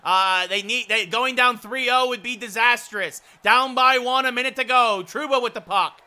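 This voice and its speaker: Bright excited male hockey announcer. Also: very high voice, moderate pace. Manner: excited play-by-play calls that build to shouting; relaxed chatty asides to viewers. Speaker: streamer doing play-by-play of a hockey video game. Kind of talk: mock sports commentary mixed with chat replies.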